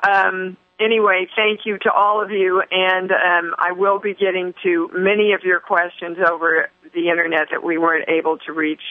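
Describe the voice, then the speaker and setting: A woman's voice: fairly low pitch, dry recording. Woman rambling on a tinny phone line. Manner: effusive, rambling, frequent fillers and restarts. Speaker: radio show host. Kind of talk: spiritual talk show monologue.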